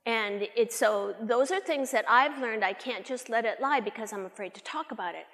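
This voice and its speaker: A woman with a fairly high voice gives a business talk to photographers. She tells stories and acts out her clients' lines, and her voice carries a long hall echo. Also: moderate pace, fairly bright tone. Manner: storytelling, acts out clients' voices, laughs often. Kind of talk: conference talk with acted anecdotes.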